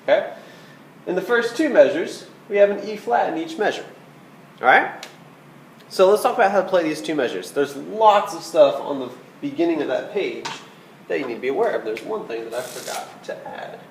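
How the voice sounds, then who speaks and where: A man's voice: on the high side, lively intonation, normal speed, vocal fry, roomy sound, slight background noise, poor audio. A man teaching a recorded flute lesson, patient and checking in with "okay?" as he explains. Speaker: band teacher.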